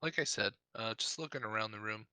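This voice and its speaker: A man running a tabletop game with a bright, forward voice. He describes scenes in a loose, swearing, joking manner. The sound is dry and close. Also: fairly low pitch, brisk, clean tone, no room sound. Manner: casual, swearing, laughing. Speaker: game master.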